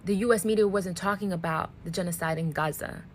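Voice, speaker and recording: A woman speaking earnestly and deliberately to camera, emotionally worn out. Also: lowish voice, slight background noise, poor audio. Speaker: social media creator. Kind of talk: direct-to-camera commentary video.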